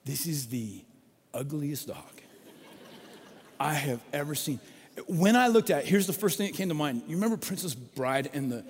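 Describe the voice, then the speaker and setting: A man preaching a sermon in a conversational, storytelling way, dropping from loud emphasis to hushed, quiet lines. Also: medium pitch, breathy edge. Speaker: pastor. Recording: long reverb of a large hall.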